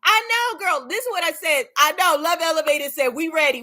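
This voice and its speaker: Woman, livestream host, casual chat, encouraging, laughs often, slightly high pitch, bright voice. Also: expressive, a little fast, few pauses.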